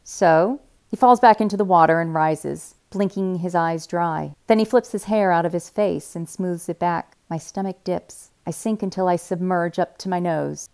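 Female reader with a slightly low voice; calm, hushed read-aloud of a teen novel. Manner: quiet, measured first-person narration.

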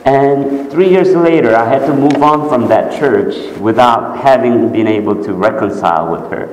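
A pastor preaches a personal story, his voice rising high and loud when excited, then falling soft and low. The sound carries a long church-hall echo with a faint background hum. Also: moderate pace. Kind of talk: sermon.

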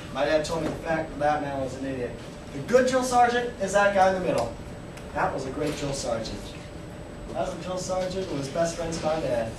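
A young man tells a story in an animated, conversational way. His voice is fairly high, and he points out people in photos as he goes. The mic is far off in a reverberant room with steady noise behind. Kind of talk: casual spoken storytelling with pictures. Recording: echoey room, distant mic, noisy.

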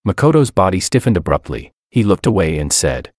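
A man giving expressive, scripted first-person story narration into a close studio mic. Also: deep voice, brisk, hardly any pauses, no room sound.

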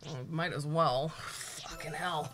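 A woman provides let's play commentary as she plays a video game, playful, chatty and mildly profane. Her low voice is slow and fairly even, with game music behind her and a crowd in the background.

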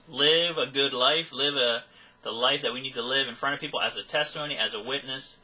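A man's voice: medium pitch, a little fast, pushed and bright, breathy edge, rough recording. A man teaching a Sunday school Bible lesson in a conversational way, often checking in with "okay" and chuckling now and then. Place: church classroom.

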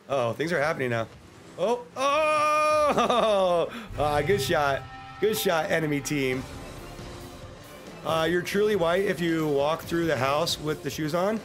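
American male streamer with a slightly raised voice, joking and rambling, with excited yelps, faint music underneath. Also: a little high. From United States. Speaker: livestreamer. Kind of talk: casual gameplay livestream commentary.

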